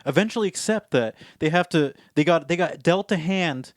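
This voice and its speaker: A young podcast co-host who rambles, stacks up filler words and drops in wry, profane jokes. His voice sits a little high for a man. The recording is close and dry. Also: animated, normal speed, no room sound. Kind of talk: casual chat.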